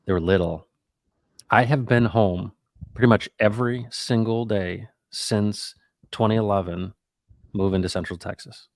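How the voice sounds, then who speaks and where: A middle-aged man hosting a casual talk, reflective and animated, acting out the people in his stories. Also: on the low side, a little slow, vocal fry, dry recording, studio quality. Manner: animated, acts out quoted dialogue; reflective, faith-minded musing. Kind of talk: casual conversational storytelling.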